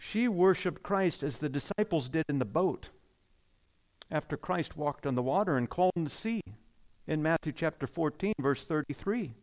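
High-voiced man preaching with emphasis. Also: animated, normal speed. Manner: emphatic, repeats key phrases, drops low and soft at phrase ends. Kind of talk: sermon.

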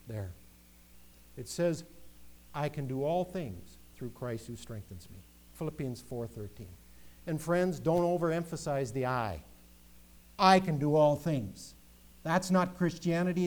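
A man's voice: medium pitch, a little mellow. A male pastor preaching a sermon to his congregation, rising into emphatic recitation when he quotes scripture.

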